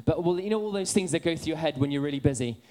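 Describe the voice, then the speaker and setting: A man's voice: a little high, racing, a little mellow. A man preaching a sermon in a church, telling stories with humor that pokes fun at himself. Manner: humorous, self-deprecating storytelling.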